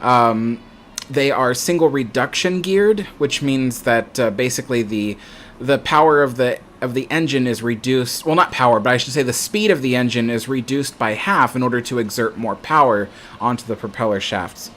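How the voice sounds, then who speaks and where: A man's voice: medium pitch, moderate pace, a bit bright, a little hiss or hum. Chatty man hosting a casual livestream. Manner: chatty, reads viewer comments aloud, many ums. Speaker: livestream host. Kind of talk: casual live chat.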